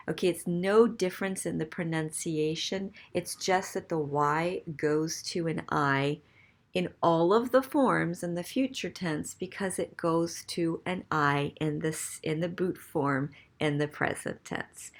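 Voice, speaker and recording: A woman's voice: fairly low pitch, slow pace. A woman teaching a recorded French grammar lesson, explaining patiently step by step and checking in with "okay?".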